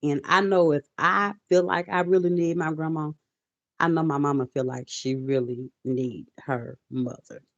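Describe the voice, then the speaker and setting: Low-voiced woman chatting on a livestream. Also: steady tone, normal speed, no room sound. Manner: chatty, greets viewers mid-story; emotional, softening to quiet. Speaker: livestream host. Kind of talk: casual livestream chat. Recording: dull lo-fi audio.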